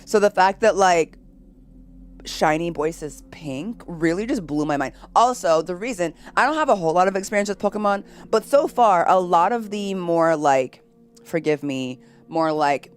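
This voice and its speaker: A bubbly woman chats with her live-stream viewers in a lowish voice, laughing often. She jumps from loud excited greetings to quiet murmured asides. Faint game music plays underneath. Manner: bubbly, giggly, quick to laugh. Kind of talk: casual live-stream chat reading viewer messages.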